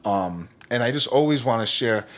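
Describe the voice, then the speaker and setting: A man with a mid-range voice speaks at normal speed as a podcast guest in casual conversation, earnest and rambling, often saying "like" and "you know what I mean." An animated storyteller, he acts out the people he quotes.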